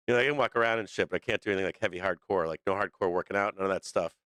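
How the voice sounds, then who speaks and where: Dude hosting his stream, swears nonstop, lots of ums, smooth resonant voice, dead dry sound. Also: low voice, a bit bright, dry recording. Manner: heavy swearing, halting with many fillers. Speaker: livestream show host. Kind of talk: unscripted livestream talk.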